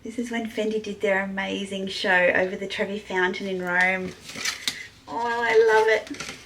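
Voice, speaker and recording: A woman's voice: medium pitch, fairly even intonation, normal speed, background noise. A woman vlogging a luxury handbag unboxing, gushing with breathless exclamations and whispered asides. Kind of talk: excited unboxing vlog.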